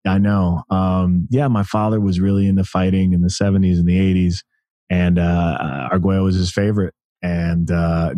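This American podcast guest, a man in his thirties, spins stories eagerly during a relaxed interview, often backing up to restart. He speaks low with a warm tone, and there's no echo on the recording.

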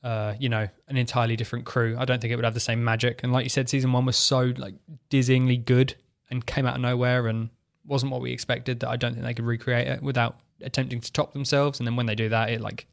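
A man co-hosting a casual TV podcast, thinking aloud in a halting way with restarts. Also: medium pitch, level tone, creaky. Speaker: podcast co-host.

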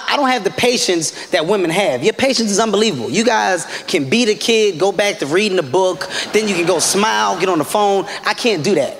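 High-voiced guy doing stand-up, all over the place pitch-wise, live room with reverb and background noise. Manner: animated, bursts into high shouting. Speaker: stand-up comedian. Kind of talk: stand-up routine. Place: comedy stage before a live audience.

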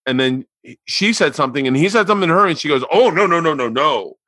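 A man hosting a podcast, telling stories in casual chat, animated with sudden loud, cursing outbursts. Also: on the high side, fast talker, no echo, clean studio sound. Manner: animated storyteller, loud outbursts, swears a lot. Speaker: podcast host.

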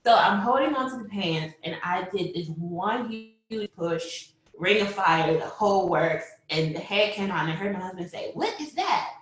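Animated woman storyteller, very echoey room. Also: fairly low pitch, normal speed, hardly any pauses. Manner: animated, acts out quotes, laughs often. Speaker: mother telling her birth story. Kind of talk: personal storytelling to camera.

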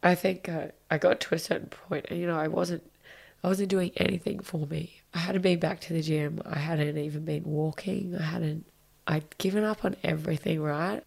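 Woman, gravelly voice, low-pitched, candid confessional interview talk, drops into whispers. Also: fairly even intonation, normal speed, a little mellow. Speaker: podcast guest.

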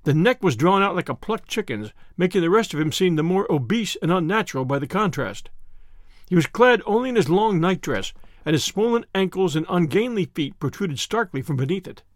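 A man doing scripted audiobook narration of a period detective story in an expressive, storytelling manner. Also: high voice, fairly quick, no echo, studio quality.

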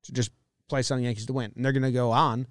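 A man co-hosting a casual sports talk show, conversational and brisk. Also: mid-range voice, level tone, no room sound, studio quality. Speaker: podcast co-host.

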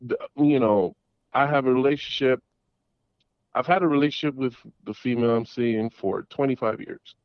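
A middle-aged man calls in to tell a long, casual story, rambling along with restarts and repeated words. His medium-pitched voice moves at normal speed on a dry recording with dull lo-fi sound.

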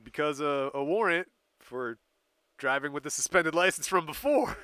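Bright-voiced man telling a story. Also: a little high, expressive, moderate pace, clean tone, no echo. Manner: laughs often while recounting dates and events. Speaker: podcast co-host telling a story. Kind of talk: casual chat.

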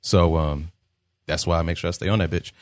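A relaxed man hosts a casual gaming podcast with a fairly low voice. He reads out listener questions and talks in a loose, profane way. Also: a little fast, no echo, studio quality. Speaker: streamer, podcast host.

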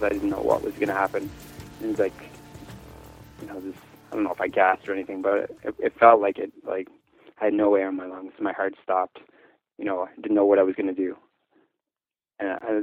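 Halting, low-voiced man from Newfoundland. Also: low-quality recording. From Newfoundland, Canada. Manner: halting, many restarts and fillers. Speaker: schoolteacher telling his story. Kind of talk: casual spoken recollection.

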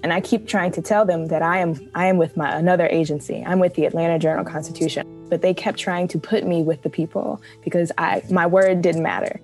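A woman with a lowish voice speaks candidly, her emotion close to the surface and tears not far off. She laughs softly through the hard parts, with faint music under her. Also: fairly even intonation, a little fast, few pauses. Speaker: photojournalist. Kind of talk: personal storytelling interview.

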